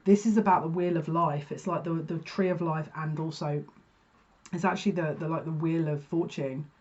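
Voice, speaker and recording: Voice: medium pitch, steady tone, moderate pace, a little mellow, muffled recording. A psychic reader giving a casual, rambling card reading to viewers, often breaking off mid-sentence. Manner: chatty, rambling, self-interrupting.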